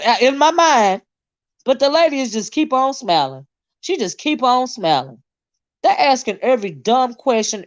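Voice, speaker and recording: Woman, livestream host, indignant rant, swears a lot, very expressive pitch, lo-fi sound. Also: no room sound. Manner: animated, indignant, swears freely, reads chat aloud. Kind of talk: casual livestream chat.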